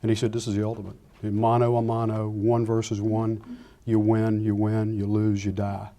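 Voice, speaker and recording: An older man, a retired Air Force pilot, giving a lecture full of anecdotes and acting out the dialogue with lively restarts. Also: fairly low pitch, moderate pace. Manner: animated storyteller acting out dialogue, frequent restarts.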